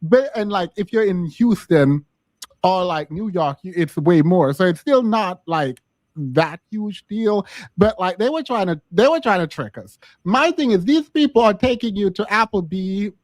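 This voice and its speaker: Guy, pretty high voice, chatty and animated, dry mic. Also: normal speed, dry recording. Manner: animated storytelling with laughs. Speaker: podcast co-host. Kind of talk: casual chat.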